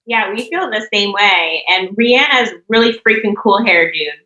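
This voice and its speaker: A woman's voice: mid-range voice, normal speed, pushed and bright. A woman guest on a podcast, chatting with enthusiasm and plenty of fillers. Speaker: podcast guest, stroke survivor. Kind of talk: casual chat. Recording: roomy, dull lo-fi sound.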